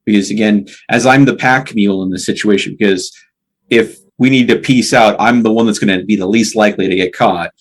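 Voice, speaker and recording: A man playing a tabletop game, thinking aloud in a contemplative, measured way as he describes his character. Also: on the low side, fairly even intonation.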